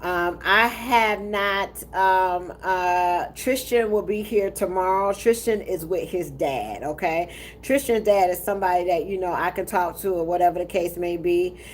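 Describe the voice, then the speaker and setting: Slow, halting woman chatting on a live stream. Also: fairly low pitch, slight background noise. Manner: halting, hesitant telling with many pauses and fillers; emotional, heartfelt storytelling. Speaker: truck driver and trucking recruiter. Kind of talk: casual live-stream chat with viewers.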